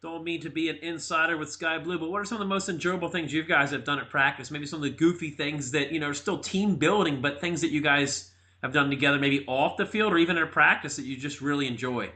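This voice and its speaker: A man in a casual sports-show interview with a bright, forceful voice pitched a little high. He chats freely and keeps tripping over repeated words as he goes. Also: fast. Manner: chatty, stammers and repeats words.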